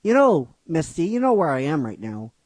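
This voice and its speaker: A man voicing an upbeat young man coaxing an old friend, with eager halting phrasing. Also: on the high side, sing-song, a little mellow, no echo.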